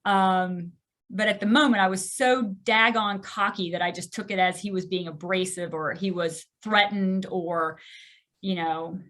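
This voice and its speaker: A middle-aged woman, a podiatrist guest on a podcast, telling a candid story in an animated, self-deprecating way and laughing often. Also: mid-range voice, a little slow.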